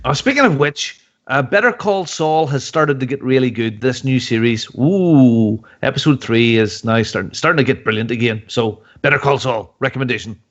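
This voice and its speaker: A man's voice: medium pitch, moderate pace, lo-fi sound. A man co-hosting a casual podcast, chatty and laughing through playful banter. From United Kingdom. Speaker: podcast co-host.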